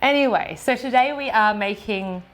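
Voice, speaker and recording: A woman's voice: a little high, moderate pace. Woman, home-kitchen cooking vlog co-host, plain explainer with fillers. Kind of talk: casual cooking chat.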